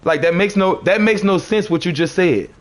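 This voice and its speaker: At normal speed, this man's fairly high voice confronts commenters in his livestream chat. His arguing is preachy, and he repeats the same phrases over and over.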